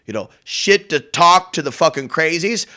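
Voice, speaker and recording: Host: brash, profane man, high and very lively voice, rambling solo show. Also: moderate pace. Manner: brash, profane, jumps between topics. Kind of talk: rambling casual monologue.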